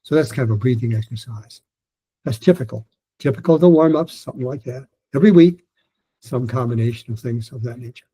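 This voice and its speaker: Older male teacher, warm husky voice, patient step-by-step demos of stretched sounds. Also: mid-range voice, a little fast, low-quality recording. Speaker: pronunciation teacher. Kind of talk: online lesson with demonstrations.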